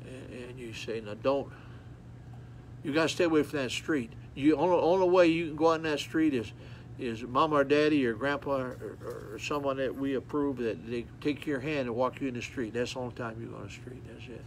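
A man preaching a sermon, folksy and repetitive, telling stories with animated acted-out moments. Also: mid-range voice, brisk, slight background noise.

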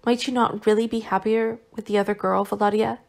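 A woman's voice: mid-range voice, fairly even intonation, a little fast, gravelly, close to an everyday voice. A woman voicing an anxious, devoted young wife who pleads earnestly, in an audiobook reading. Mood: pleading.

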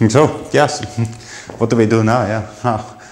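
A man's voice: medium pitch, steady tone, a little slow, slight background noise, lightly acted. A man playing a giggly, eccentric foreign professor who speaks broken English, recorded in an echoey room. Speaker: comic character. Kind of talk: comic character monologue.

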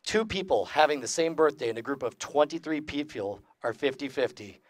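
A man's voice: on the high side, animated, a little fast, no room sound. A man giving a comedic skeptic lecture to a live convention audience of a couple hundred people. He talks with energy, polls the crowd, and laughs at his own jokes. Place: large convention room with about two hundred people.

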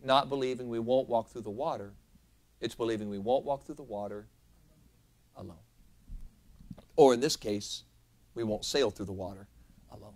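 Dynamic male pastor preaching a sermon. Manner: dynamic preacher, swinging from soft lows to loud emphatic peaks. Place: church sanctuary.

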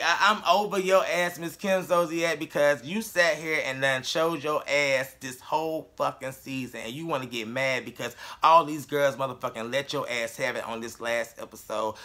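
A man's voice: a little high, pushed and bright. A man recapping a reality show in a blunt, casual, profane way, with many fillers. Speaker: reality TV reviewer.

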